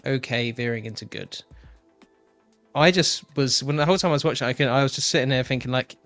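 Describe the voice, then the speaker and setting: A man's voice: mid-range voice, quick pace, fairly bright tone. Male panelist, mid voice, hedging, full of ums, faint music behind. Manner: hesitant, lots of ums, weighing his words. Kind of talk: casual panel chat.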